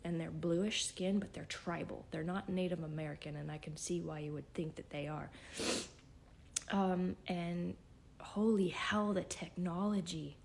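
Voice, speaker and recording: A self-described psychic woman, tearful and shaken, talking in a halting, half-whispered voice in an emotional spiritual vlog. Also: lowish voice, steady tone, vocal fry, darkish tone, a little hiss or hum.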